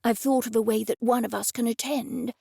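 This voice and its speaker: Audiobook schemer, woman reading, cheerful, upbeat, gravelly. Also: fairly high pitch, fairly even intonation, fairly quick, mellow, no room sound, clean studio sound. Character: cheerful older man, plotting schemer.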